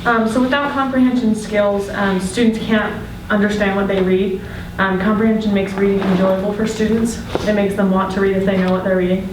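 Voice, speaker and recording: A woman presents to a class in a flat, level voice, stepping through prepared points with frequent ums. She is heard from a distance in a very echoey room with clear noise behind. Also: mid-range voice, a little fast. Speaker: education student presenting.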